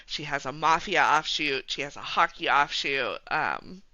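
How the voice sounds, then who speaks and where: A woman guest on a podcast, talking about the books she loves in a bright, ringing voice. She speaks a little low for a woman, keeps filling her sentences with little fillers, and laughs often. The sound is close and dry. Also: a little slow, no room sound, lo-fi sound. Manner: chatty and laughing, many fillers. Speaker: guest, romance bookstore founder. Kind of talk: casual podcast chat.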